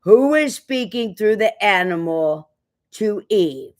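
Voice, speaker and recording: Profane ranting woman, slow delivery. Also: animated. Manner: profane, defiant, preachy, swinging between loud outbursts and low muttering. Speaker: online commentator. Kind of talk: ranting monologue to camera.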